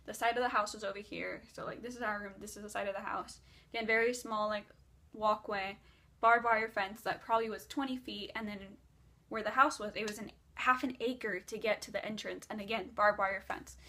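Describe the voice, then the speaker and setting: A woman's voice: mid-range voice, steady tone, fairly quick, sharp tone. A woman vlogger casually telling a long dream story, rambling with lots of "like".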